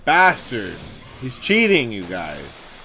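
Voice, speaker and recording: A young man hosting a gaming livestream, talking casually and telling rambling, animated stories with swearing. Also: medium pitch, slow, slight background noise. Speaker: streamer host.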